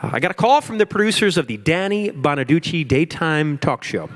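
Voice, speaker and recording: A middle-aged man from Chicago giving a keynote talk, telling a lively business story and acting out his own panic and phone calls, now and then asking the audience questions. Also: fairly high pitch, a little fast. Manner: animated, acts out his own panic and quotes. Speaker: speaker at a business forum.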